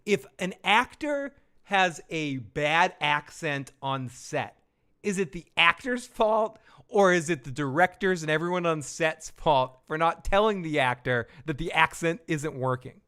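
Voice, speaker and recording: Bright-voiced joking recap host. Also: male voice, on the high side, measured pace, clean tone. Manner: animated, laughs often, joking. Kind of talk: casual recap chat.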